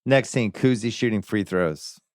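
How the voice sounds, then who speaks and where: A man's voice: on the low side, a little slow, no echo. Man hosting in a dry studio. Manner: enthusiastic, argues with playful insistence. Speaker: podcast host. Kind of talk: casual film discussion. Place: podcast studio.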